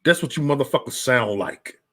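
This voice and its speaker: A man's voice: medium pitch, expressive, a little fast, a bit bright. A man hosting a livestream, ranting angrily and profanely at his critics, stammering and repeating himself as he reads the chat. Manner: profane, heated, repetitive, stammers into restarts; reads out live chat comments. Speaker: livestream host. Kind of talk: angry livestream rant.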